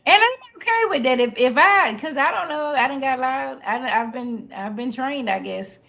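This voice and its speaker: A woman chatting candidly on a podcast with a fairly high voice. She talks in a folksy, animated way, restarting her sentences often as she works through her thoughts. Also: moderate pace, gravelly. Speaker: podcast co-host. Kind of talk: candid casual chat.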